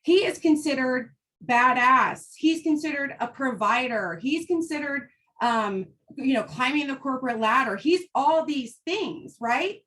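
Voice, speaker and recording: A woman's voice: high voice, a little slow, a bit bright. A middle-aged woman giving a fired-up, emphatic motivational talk to the women in her business, blunt and happy to swear. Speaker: team leader addressing women in her business.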